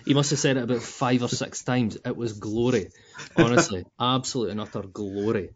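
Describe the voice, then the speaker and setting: A Scottish man co-hosting a football podcast, talking in sweary, laughing, animated banter. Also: mid-range voice, normal speed, a little hiss or hum. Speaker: podcast co-host. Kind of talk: casual football chat.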